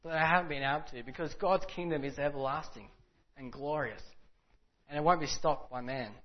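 A man's voice: on the high side, a little fast. Guy giving a chatty sermon, tells stories and does the voices, kinda muffled recording. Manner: conversational, many fillers, acts out quoted people. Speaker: preacher. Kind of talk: casual sermon storytelling. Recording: dull lo-fi sound.

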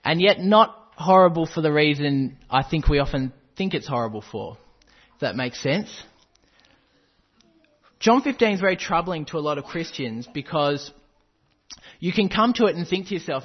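A man's voice: fairly high pitch, animated, moderate pace, lo-fi sound. Emphatic man preaching a sermon. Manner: emphatic, quotes scripture with rising intensity.

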